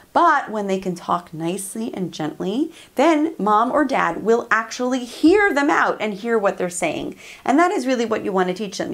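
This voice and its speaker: A woman hosting a parenting channel, giving casual advice to camera in a chatty, upbeat way, often laughing and acting out what to say. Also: fairly high pitch. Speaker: parenting coach and channel host.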